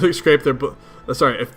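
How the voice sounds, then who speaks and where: Young man, giggly, reading a webcomic, higher voice. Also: moderate pace, darkish tone, husky, faint music behind. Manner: giggly, amused asides. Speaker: reader of a webcomic. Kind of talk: casual read-along commentary.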